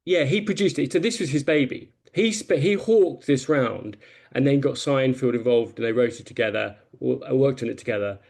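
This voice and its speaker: A man's voice: mid-range voice, a little fast, gravelly, darkish tone. A man on a podcast panel, telling a long film anecdote in a rambling, casual way.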